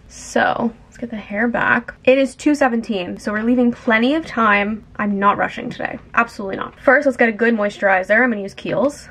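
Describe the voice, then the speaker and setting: A woman's voice: mid-range voice, fairly bright tone. A young woman vlogger chatting casually as she talks through her makeup routine. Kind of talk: casual vlog chat.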